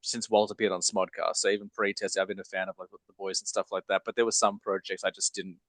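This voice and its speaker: A man's voice: low-pitched, flat delivery, quick pace, fairly bright tone, no room sound, poor audio. A man hosting a podcast, chatting in an upbeat, casual way with frequent ums and uhs. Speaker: podcast host.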